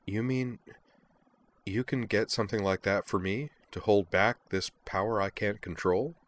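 A man's voice: fairly low pitch, measured pace, natural voice. A man reading a frustrated young woman's lines in a story, lifting his voice a little for her.

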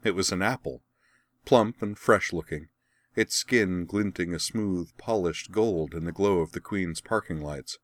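A man narrating a fan fiction story as an audiobook, with an even, wry storytelling manner. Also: low-pitched, unhurried, no echo, studio quality.

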